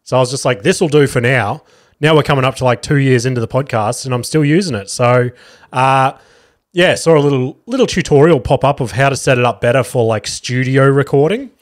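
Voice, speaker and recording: A man's voice: medium pitch, a little fast. An Australian man hosting a casual solo podcast, rambling through a story and swearing often. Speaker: podcast host.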